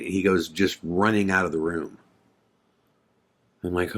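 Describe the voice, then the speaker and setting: A man's voice: sits low, steady tone, moderate pace, pauses often, fairly bright tone. A man hosting a podcast, telling a story in a casual, conversational way full of fillers and quoted dialogue. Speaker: podcast host.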